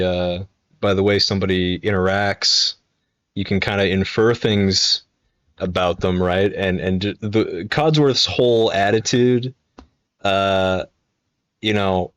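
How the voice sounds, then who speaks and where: A man's voice: low voice, fairly bright tone, no echo, lo-fi sound. A man in his twenties chatting casually on a live stream, telling rambling, profane stories full of fillers and restarts. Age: 20s.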